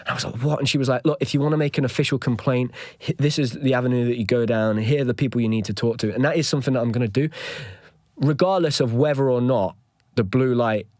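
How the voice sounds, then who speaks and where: A young man hosting a podcast, recounting a personal story in an animated, increasingly agitated way. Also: medium pitch, quick pace, no room sound, clean studio sound. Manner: animated retelling with rising agitation. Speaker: podcast host. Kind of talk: solo storytelling.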